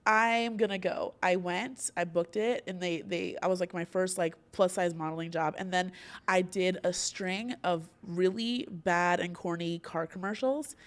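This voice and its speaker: A young woman hosting a podcast, telling stories in a chatty, animated way, full of "like" fillers and laughs. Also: on the low side, measured pace. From Florida, US. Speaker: podcast host. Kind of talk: casual podcast chat.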